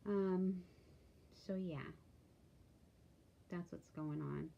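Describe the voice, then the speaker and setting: A tired woman talking candidly in a casual video diary, with halting speech and many pauses and fillers. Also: on the low side, steady tone, gravelly, dark tone, muffled recording, a little hiss or hum. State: tired, yawning. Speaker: vlogger.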